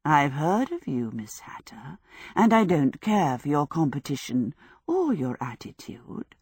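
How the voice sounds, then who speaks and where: A woman reading an audiobook, voicing a haughty, menacing witch who talks in a cold, low hush. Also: expressive, slow, husky, dry recording, exaggerated voice. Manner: cold, contemptuous, hushed and low. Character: haughty menacing female witch, grand lady. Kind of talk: audiobook character voice.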